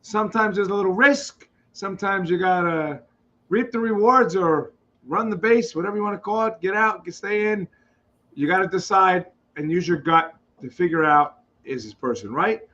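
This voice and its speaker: A man with a notably high voice co-hosts a live talk show. He argues back and forth and coughs now and then from a seasonal cough. The sound is dull and lo-fi. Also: moderate pace, bright, forceful tone. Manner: coughing, argumentative. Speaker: co-host. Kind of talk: live podcast chat.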